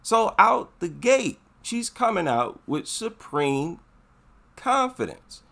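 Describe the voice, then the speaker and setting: Male vlogger, slightly high lively voice, emphatic, drives each point home twice. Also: slow pace, creaky. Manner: emphatic, repeats his points for effect. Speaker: MMA commentary vlogger. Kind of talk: casual commentary.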